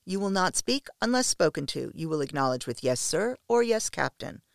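A woman voicing a stern, commanding female captain who gives clipped, measured orders in a story reading. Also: lowish voice, very animated, creaky, no room sound, clean studio sound.

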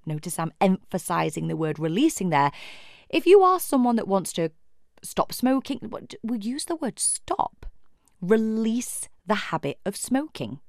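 A woman mindset coach talking alone on her podcast, expressive and acting out imagined voices. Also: mid-range voice, measured pace, dry recording, clean studio sound. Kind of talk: solo podcast monologue.

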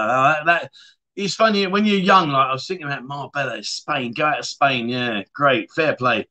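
A man hosting a casual livestream chat show, rambling warmly and reading viewer comments aloud with friendly asides. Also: fairly high pitch, moderate pace. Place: lives abroad in Thailand.

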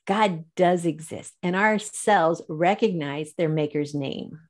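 A woman with a fairly low voice shares her testimony as an interview guest. She tells it with animation, laughs often and slips into the voices of the people she quotes. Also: slow, darkish tone. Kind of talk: faith-based interview storytelling.

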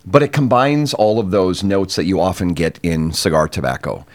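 A man's voice: low-pitched, normal speed. A man co-hosting a casual podcast, describing tastes and aromas in detail and comparing them to foods and wine. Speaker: podcast co-host reviewing cigars. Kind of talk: casual chat.

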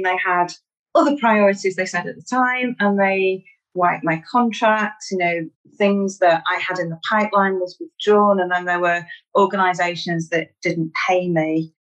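A woman's voice: medium pitch, dull audio. A woman from Manchester with a Mancunian accent, a podcast guest speaking candidly and self-deprecatingly, with fillers. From Manchester, England. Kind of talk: podcast interview.

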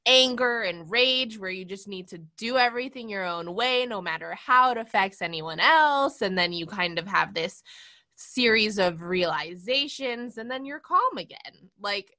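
A woman's voice: medium pitch, lively intonation, measured pace, bright, forceful tone. A woman chatting casually as a podcast co-host, laughing often and reflecting on how an episode handles coping with stress. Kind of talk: casual chat discussing an episode.

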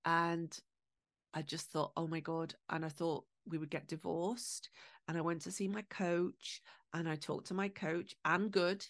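A middle-aged woman from England hosts a podcast in a personal storytelling monologue, her fairly low, slightly bright voice showing little pitch movement. The studio-quality audio has no room sound. She's emotional and candid, swearing and throwing in quick asides.

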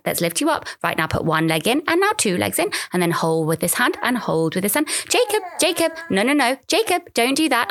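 A loud, over-patient parent coos high, swooping instructions at a toddler and turns every small act into a lesson, as a woman mocks them. The voice rides well above her own, bright and lilting, with a faint gravelly edge. The sound is close and dry. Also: heavily acted. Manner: sing-song, narrating every step to a toddler.

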